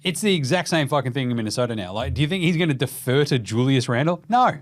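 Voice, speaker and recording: A young Australian man hosting a casual basketball show, talking fast and loose with lots of swearing and mocking impressions. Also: mid-range voice. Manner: profane, animated, mocking impressions. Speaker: podcast host. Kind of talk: casual sports commentary.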